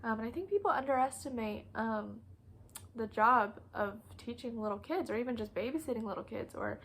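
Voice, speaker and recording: With a fairly high, husky, fairly bright voice, a young preschool teacher talks a little fast through classroom anecdotes in a vlog. She's chatty, laughs often and imitates the kids, though the recording quality is low.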